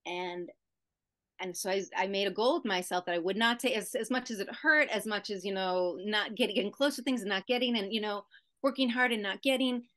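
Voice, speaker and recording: Middle-aged woman, guest on a chat podcast, lively anecdote-teller, moderate pitch. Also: a little fast. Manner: animated, storytelling, acts out quoted voices. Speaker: guest actress. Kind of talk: casual podcast storytelling.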